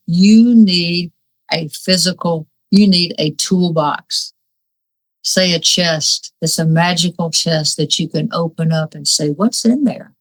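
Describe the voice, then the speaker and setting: A woman's voice: lowish voice, rough recording. A woman and Reiki master talking on a spiritual talk show, fiery, earnest and plain-spoken.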